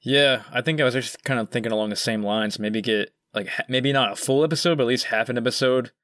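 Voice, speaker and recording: Relaxed man co-hosting a podcast. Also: medium pitch, fast, dry recording, studio quality. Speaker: podcast co-host. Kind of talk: casual chat.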